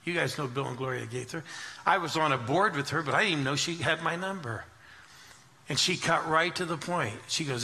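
Middle-aged male preacher, earnest testimony, very bright tone. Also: a little high, brisk. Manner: earnest storytelling, drops to hushed tones for quotes. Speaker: pastor. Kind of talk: sermon testimony.

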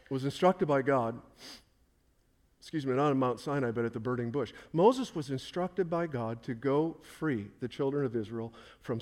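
Man, pastor preaching a sermon, emphatic, repeats phrases, mid-pitched voice. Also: a little mellow. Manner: asks questions and answers them himself.

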